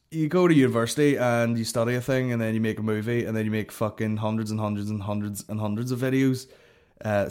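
A young man hosting a comedy podcast, telling a story in a profane, animated rant full of fillers. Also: fairly low pitch, clear, resonant tone.

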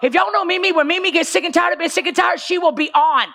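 A woman pastor, preaching a sermon as emotional storytelling and often shouting for emphasis. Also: very high-pitched, fast, gravelly. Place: church stage.

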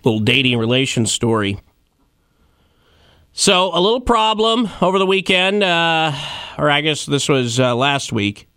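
A man's voice: on the high side, big pitch swings, unhurried, sharp tone, clean tone, no echo, studio quality. A man in his thirties hosting a casual comedy chat about odd news stories, joking and rambling with fillers and asides. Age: 30s. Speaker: host.

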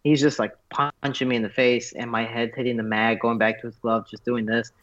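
Man, fighter guest, animated storyteller, lots of fillers, mid pitch, dull lo-fi audio. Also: fairly quick. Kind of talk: casual interview storytelling.

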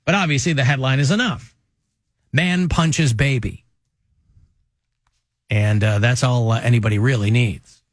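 A man hosting a radio talk show, chatting casually with rambling, animated asides. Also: medium pitch, a little slow, pauses often, no room sound, studio quality. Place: radio studio.

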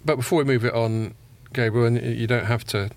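A man hosting a casual podcast, relaxed and steering the conversation. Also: mid-range voice, a little fast. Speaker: podcast host.

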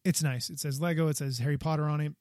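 A man's voice: fairly high pitch, fairly even intonation, fast, darkish tone, no room sound, studio quality. A man hosting a casual toy review podcast, talking enthusiastically and rambling, often repeating himself. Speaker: podcast host. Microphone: podcast microphone.

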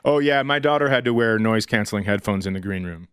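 A man's voice: lowish voice, fast talker, fairly bright tone, clean tone, dry recording. A man in his forties from northern Minnesota, a comedian chatting casually in an interview and telling stories in a dry, understated way. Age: 40s. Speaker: stand-up comedian.

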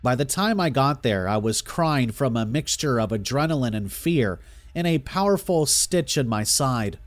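A man giving scripted narration of a horror story in a steady, even storytelling manner. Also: medium pitch, moderate pace. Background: faint music.

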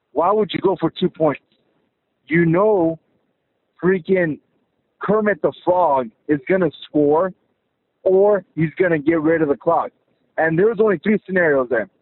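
A man's voice: sits high, gravelly, breathy edge. A man from California calling a sports radio show, ranting in an exasperated, profane way. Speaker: caller. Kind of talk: sports radio call-in rant. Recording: tinny phone line.

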